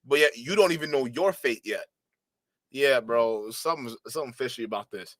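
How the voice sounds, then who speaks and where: A man hosts a reaction commentary, mocking and disbelieving what he hears. His voice is bright, with a lively, swooping pitch, and it is recorded close and dry. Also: normal speed, no room sound. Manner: incredulous, mocking, breaks into laughs and loud outbursts. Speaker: host reacting to a clip.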